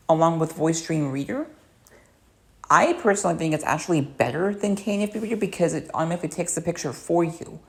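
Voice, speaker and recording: A woman with a lowish voice chats casually on a home livestream. She rambles along, padding her talk with fillers and restarting her sentences often. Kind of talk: casual chat.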